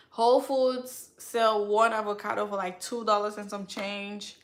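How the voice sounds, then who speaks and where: A woman's voice: medium pitch, fairly even intonation, slow, fairly bright tone. A woman hosting a skincare live stream, chatting casually and straight to her viewers with slangy asides. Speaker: skincare channel host.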